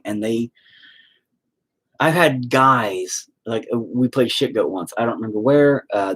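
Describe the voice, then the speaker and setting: A man's voice: fairly low pitch, breathy edge. A man hosting a podcast and talking candidly in a loose, rambling way, swearing often and leaning on "you know" fillers. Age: adult with children. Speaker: podcast host and band vocalist. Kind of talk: casual confessional chat.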